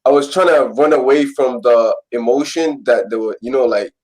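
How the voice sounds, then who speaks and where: A man's voice: medium pitch, moderate pace, darkish tone, rough recording. A man chatting loosely, full of slang and fillers. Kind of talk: casual chat.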